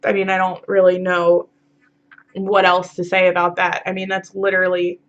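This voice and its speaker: A woman's voice: lowish voice, monotone, moderate pace, highs cut off. A tired woman vlogging, talking bluntly and frankly with lots of swearing and filler words in a rambling confessional monologue.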